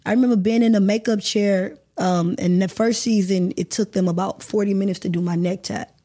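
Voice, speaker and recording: A woman in her thirties talks candidly on a podcast, her voice mellow and relaxed in timbre. She tells a personal story with open emotion and the odd curse, speaking at a middling pitch. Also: brisk. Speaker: guest actor.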